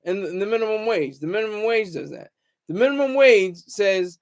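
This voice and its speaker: A young man with a high voice rants in a loose, rambling way, sometimes swinging loud to taunt his critics. He talks straight to his viewers in a casual stream. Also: lively intonation, a little fast. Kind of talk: casual livestream rant.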